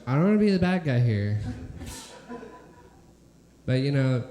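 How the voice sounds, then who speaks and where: A man's voice: medium pitch, sing-song, measured pace, warm tone. A man doing stand-up in a hesitant, hedging way, talking around his point. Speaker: stand-up comedian. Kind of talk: stand-up set. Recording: echoey club, heard from off-mic.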